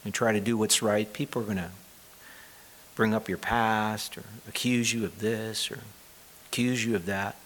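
A man's voice: on the low side, steady tone, moderate pace, fairly bright tone. A man preaching a sermon, reading scripture aloud and explaining it in a conversational way, sometimes asking the listeners questions. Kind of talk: sermon, Bible teaching.

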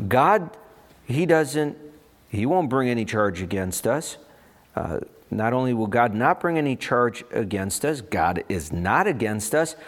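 Preaching at medium pitch, this pastor delivers his sermon with animation and expression. He voices small asides and peppers the congregation with rhetorical questions.

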